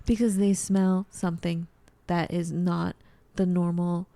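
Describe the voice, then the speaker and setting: Deep, mellow-voiced woman co-host. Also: unhurried, gravelly, dry recording. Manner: animated, acts out her own confused voice. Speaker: podcast co-host. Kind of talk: casual chat. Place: at home.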